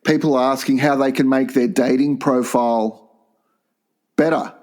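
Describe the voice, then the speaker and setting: A man's voice: mid-range voice, steady tone, unhurried, darkish tone. An older man co-hosting a crude comedy podcast, teasing and rambling with frequent laughs. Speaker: podcast co-host. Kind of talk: casual comedy podcast banter.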